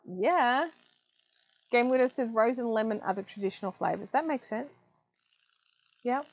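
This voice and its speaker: A woman's voice: on the high side, expressive, measured pace, darkish tone, lo-fi sound. Chatty woman live-streaming crafts. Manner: chatty, reads viewer comments aloud, many ums. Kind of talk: casual live-stream chat. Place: home craft room.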